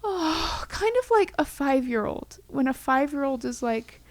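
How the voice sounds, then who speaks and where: A woman's voice: high-pitched, animated, measured pace, no room sound. A young woman co-hosting a podcast, chatting casually in a rambling way with many fillers and sounding tender and close to tears. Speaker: podcast co-host. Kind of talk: casual chat.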